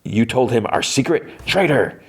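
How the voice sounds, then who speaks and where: A man's voice: mid-range voice, lively intonation, normal speed, slightly rough, voice pushed up. A man voicing a furious female shapeshifter guarding a forest, in a cartoon recap.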